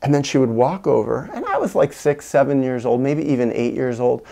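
A man recounting a childhood story in a reflective monologue, acting out quoted lines with whispers and bursts of higher pitch. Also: sing-song, a little fast, vocal fry, warm tone. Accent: American. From United States. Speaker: video essayist on parenting.

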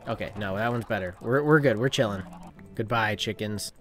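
A man's voice: on the low side, a little fast, fairly bright tone. A man hosting a let's-play, talking to himself casually as he plays and now and then bursting into mock rage. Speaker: gaming channel host.

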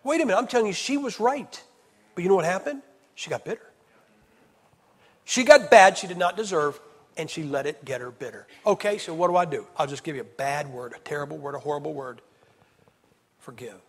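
A man preaching an evangelist's sermon at a camp meeting, swinging from loud to hushed. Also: fairly high pitch, fairly quick. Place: church hall. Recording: reverberant hall sound.

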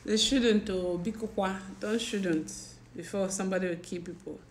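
A woman's voice: mid-range voice, steady tone, normal speed, slight background noise. A woman with a Nigerian accent chatting casually with her livestream viewers, mixing in pidgin and laughing often. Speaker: livestream host. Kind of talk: casual live chat with viewers.

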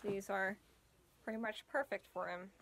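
Steady and fairly bright, the mid-range voice moves at a normal pace over a slight hiss or hum. A cosplay vlogger, fangs in and weary from rising early, chats at home while arranging a photoshoot, laughing frequently and letting thoughts trail off.

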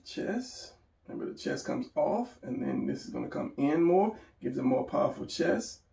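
A man's voice: fairly high pitch, expressive, moderate pace, vocal fry, mellow. A man giving a casual drawing lesson, rambling and talking to himself as he sketches. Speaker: drawing instructor. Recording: echoey room, voice from a distance.

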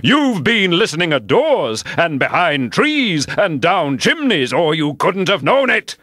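A man's voice: on the high side, sing-song, fairly bright tone, dry recording, studio quality, pitched above the performer's own voice. A man reading a storybook aloud and putting on a pompous, touchy egg-man who talks grandly. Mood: indignant. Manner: pompous, grand, quick to take offence.

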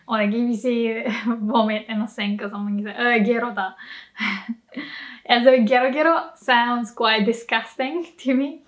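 A woman's voice: a little high, fairly bright tone. A young Japanese woman with a Japanese accent, giving a playful, casual language lesson and acting out animal sounds with frequent laughter. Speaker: language teacher.

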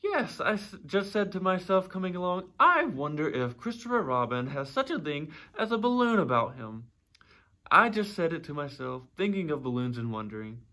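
A man's voice: a little high, sing-song, moderate pace, pushed and bright, pitched above the performer's own voice, exaggerated voice. Winnie the Pooh, as a man voices him. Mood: earnest, musing. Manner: earnest, slightly anxious, ponderous. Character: gentle, earnest, simple-minded male toy bear. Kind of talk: storybook read-aloud.

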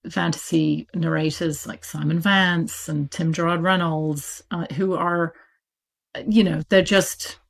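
A British audiobook publisher talks as an interview guest in a relaxed, animated way, with frequent fillers and laughter. Her voice is fairly low, steady and gravelly, and she takes it slowly.

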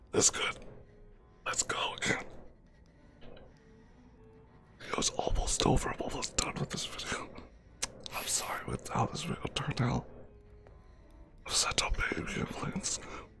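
A man giving whispered game commentary in a hushed, nervous way, close to a desk microphone. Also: mid-range voice, creaky. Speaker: gaming channel host.

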